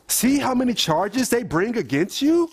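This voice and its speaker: A man's voice: very high voice, sing-song, unhurried, husky, voice pushed up, full character voice. A man reading as a stern Roman governor. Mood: questioning. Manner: plain read-aloud questioning.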